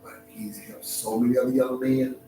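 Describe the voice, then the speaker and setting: A man's voice: medium pitch, little pitch movement, mellow. Middle-aged man telling a personal story in an echoey room. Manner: emotional, reflective, halting with frequent restarts. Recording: very echoey room, distant mic, music behind.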